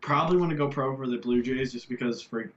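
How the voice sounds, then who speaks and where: A man's voice: mid-range voice, quick pace, fairly bright tone, lo-fi sound, a little hiss or hum. A young man in casual podcast chat, crude and rambling.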